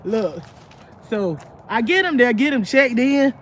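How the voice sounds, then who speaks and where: A woman talks straight to her live viewers, swearing freely and circling back over her words as she tells a story. She keeps jumping into lively impressions of the people she describes. Her voice sits a little higher than most, with a faint hiss of noise behind it. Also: a little slow. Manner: blunt, profane, rambling with many restarts; acts out quoted people in animated bursts. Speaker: livestream host.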